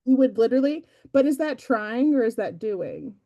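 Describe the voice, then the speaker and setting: A woman's voice: on the high side, expressive, normal speed, mellow, muffled recording. A young adult woman giving a casual, chatty motivational talk to her team, self-deprecating and full of fillers. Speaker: team meeting speaker.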